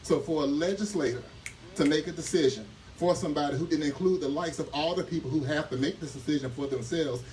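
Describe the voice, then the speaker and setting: A man's voice: a little high, fast talker, a little mellow, distant mic, rough recording. Man, community advocate, fiery podium speech, mic set back, faint ambient hiss. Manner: rousing, preacher-like delivery addressing the crowd. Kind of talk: impassioned press conference speech. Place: outdoor press conference.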